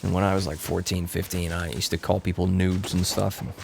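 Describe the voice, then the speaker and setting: A man's voice: flat delivery, a little fast, creaky, darkish tone. A young man streaming a game, chatting casually, reading viewer comments aloud and swearing at the action. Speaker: gaming streamer. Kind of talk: casual live-stream chat while playing. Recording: noisy low-quality stream audio.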